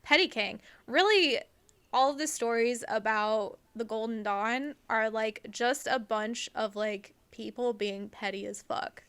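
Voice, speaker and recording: A woman's voice: fairly high pitch, measured pace, clean tone. A young woman co-hosting a podcast, telling a story in casual chat with lots of fillers and cheerful swearing. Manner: animated, profane, trails off with fillers like "like". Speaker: podcast co-host.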